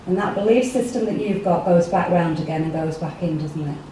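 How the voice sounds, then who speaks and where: A woman's voice: on the low side, fairly quick, dark tone, slight background noise. A woman with an English accent giving a chatty workshop talk, often putting questions to the audience. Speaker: workshop speaker. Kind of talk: interactive talk to a small group. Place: meeting room with a live audience. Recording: echoey room, mic far off.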